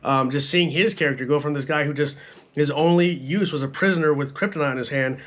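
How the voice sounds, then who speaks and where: A fairly high-voiced young man riffs through a film review in loose, unscripted speech, sprinkling in swearing and constant "like"s. His tone stays blunt and conversational, the way a channel host talks straight to his viewers. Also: quick pace, a bit bright. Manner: profane, blunt, repeats "like" and "bro". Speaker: movie reviewer. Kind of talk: casual film review rant.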